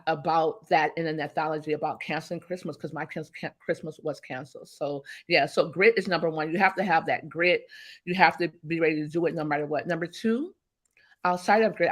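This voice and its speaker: A woman guest in an interview, talking emphatically and telling stories that act out past conversations. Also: fairly low pitch. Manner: emphatic, storytelling, acts out quoted exchanges. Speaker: interview guest, business coach.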